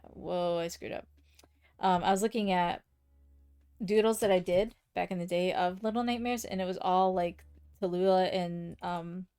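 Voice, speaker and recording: A woman with a noticeably gravelly, fry-laden voice chats with her viewers as she draws on a live stream. She teases herself about her mistakes and talks straight to her chat. Her voice often sinks into low mutters while she concentrates. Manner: chatty, self-mocking, talks to her chat; often drops to quiet muttering while working. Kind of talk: casual chat while drawing.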